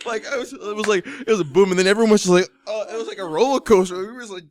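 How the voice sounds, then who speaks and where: A young man co-hosting a podcast, telling a road trip story with lively acted-out quotes. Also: high voice, quick pace, few pauses, no echo. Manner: animated storyteller, acts out quotes. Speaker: podcast co-host. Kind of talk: casual chat.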